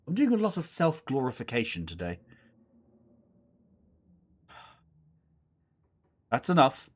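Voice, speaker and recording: A man's voice: mid-range voice, huge pitch swings, slow pace, long pauses, husky. Playful man narrating a game. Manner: playful, rambling, self-mocking. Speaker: let's play host. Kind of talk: casual game commentary and reading aloud.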